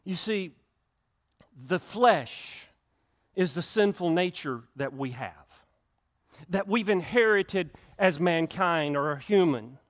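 A man's voice: high-pitched, expressive, takes it slowly. A male pastor, preaching a conversational sermon to his church with frequent restarts and acted-out quotes. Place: church sanctuary.

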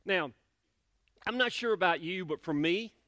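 A man's voice: sits high, animated, moderate pace, bright, forceful tone, no echo, studio quality. A male pastor preaching a sermon in a church, talking conversationally, repeating words and asking the congregation questions. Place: church sanctuary.

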